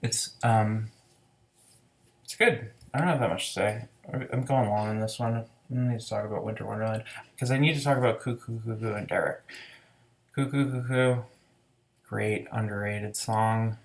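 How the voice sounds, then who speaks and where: A man's voice: lowish voice, fairly even intonation, normal speed. A man giving a casual, rambling album review, enthusiastic and full of fillers and restarts. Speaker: music reviewer.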